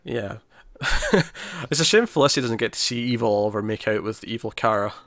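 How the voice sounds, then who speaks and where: A man talking quickly in a casual podcast chat, chatty and quick to laugh, voicing characters' lines for fun. His pitch sits mid-range, and the sound is close and dry with no room around it. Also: animated, vocal fry, fairly bright tone, no echo. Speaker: podcast co-host.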